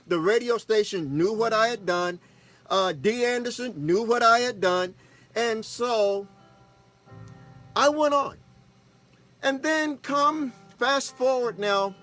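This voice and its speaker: There's no echo on this very high-pitched, slightly bright male voice, which moves at a measured pace over faint background music. A pastor and broadcast host from Texas, he tells a personal story in a folksy, casual way, often asking his audience "okay?"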